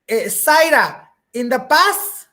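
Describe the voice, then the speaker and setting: Slow, patient woman teaching English. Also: high voice, big pitch swings, bright, forceful tone. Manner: patient, repeats and checks understanding, slips into Spanish. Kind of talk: teaching a beginner English class.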